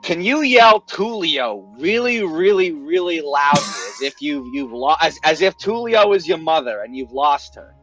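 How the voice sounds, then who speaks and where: A man's voice: on the high side, animated, a little slow, few pauses, muffled recording, over music. A man playing a tabletop game in character, pushy and sleazy, stumbling over restarts. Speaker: player. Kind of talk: in-character tabletop role-play.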